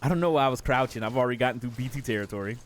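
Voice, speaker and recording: A man's voice: medium pitch, rapid-fire. A man streaming a game live, rambling in profane, casual commentary and laughing often.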